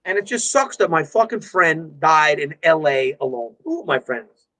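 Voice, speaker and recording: A man's voice: a little high, big pitch swings, moderate pace, sharp tone, rough recording. Rambling, profane man on a video call. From New York. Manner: rambling, profane, laughs often. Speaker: guest musician. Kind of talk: casual livestream chat.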